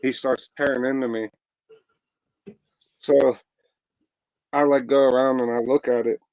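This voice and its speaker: Pennsylvania guy, loose cussing storyteller, mid-pitched voice, dry recording. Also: flat delivery, a little slow, a little mellow, no echo, muffled recording. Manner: profane, brash, laid-back storyteller. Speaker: podcast co-host. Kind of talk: casual storytelling chat.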